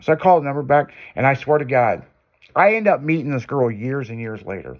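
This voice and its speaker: A man casually telling a long anecdote, profane and animated, acting out what people said. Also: medium pitch, a little fast. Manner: profane, animated, acts out quotes. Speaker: guest storyteller. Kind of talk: casual storytelling.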